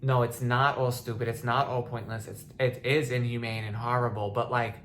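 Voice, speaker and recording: A woman's voice: a bass voice, flat delivery, moderate pace, slight background noise. Impassioned woman, rambling podcast monologue. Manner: impassioned, rambling with restarts, near tears at times. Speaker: podcast host. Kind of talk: casual monologue.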